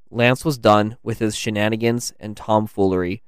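Male podcast co-host, storyteller, relaxed and rambly, smooth tone. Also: fairly low pitch, normal speed, hardly any pauses, dry recording, clean studio sound. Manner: easygoing, rambling with restarts. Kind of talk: storybook narration and casual chat.

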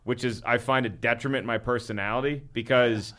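A man's voice: mid-range voice, fairly even intonation, fairly quick, a bit bright. A man co-hosting a podcast, talking earnestly in a rambling, casual way with frequent restarts. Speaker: podcast co-host. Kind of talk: casual chat.

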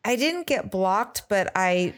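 A woman with a medium-pitched voice and lively intonation speaks slowly as a podcast co-host. She chats casually, dropping dry, joking asides.

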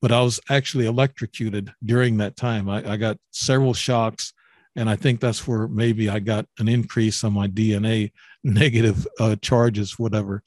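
A man in his seventies from Illinois, a guest on an interview, telling his own story in a halting way with many repeated words and restarts. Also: lowish voice, steady tone, darkish tone, no echo, studio quality. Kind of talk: interview, personal account.

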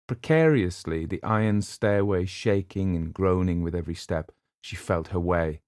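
A man narrating a novel in a steady, measured storytelling voice. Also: sits low, no echo, studio quality. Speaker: audiobook narrator. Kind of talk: scripted narration.

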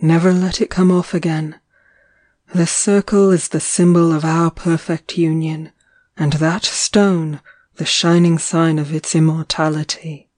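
Storybook lover, male, tender and unhurried, read by a woman narrator; mellow, dry delivery. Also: sits low, little pitch movement, no room sound. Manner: gentle, soothing, measured. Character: tender young man, devoted lover, calm.

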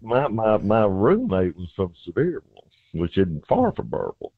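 A man's voice: lowish voice, wildly swooping pitch, moderate pace, a little mellow, husky, no echo. A man with a Southern accent, a constitutional lawyer from Tennessee, answering listeners' legal questions on a call-in radio show in plain, folksy terms. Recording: tinny phone line.

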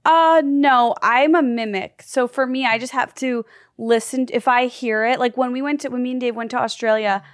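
A woman's voice: fairly high pitch, steady tone, normal speed, no echo. Dry-sounding playful woman co-host. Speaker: podcast co-host. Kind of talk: casual chat.

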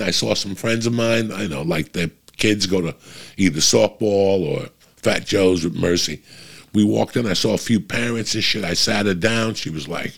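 A middle-aged man with a low, gravelly voice tells a rambling family story in casual chat. He swears freely and is animated, and his voice climbs and gets louder when he is worked up. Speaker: host telling a story.

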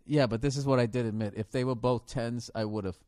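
A man hosting a podcast, telling a crude story in casual chat, cursing freely and now and then bursting into loud mock shouts. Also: medium pitch, steady tone, a little fast, no echo, clean studio sound. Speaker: podcast host.

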